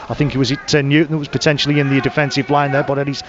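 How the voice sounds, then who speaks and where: A man giving live rugby league radio commentary, naming each pass and tackle in quick succession. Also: medium pitch, flat delivery, a crowd in the background. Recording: lo-fi radio broadcast audio.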